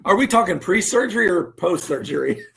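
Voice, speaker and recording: A man co-hosting a casual podcast, tossing in wry jokes and quick banter. His voice sits fairly high and moves freely up and down. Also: expressive, gravelly, a bit bright. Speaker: podcast co-host. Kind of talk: casual chat.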